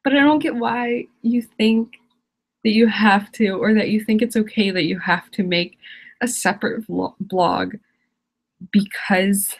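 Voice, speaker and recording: A woman's voice: medium pitch, measured pace. A teenage girl ranting on a live stream, exasperated and rambling, laughing often. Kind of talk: casual live-stream rant.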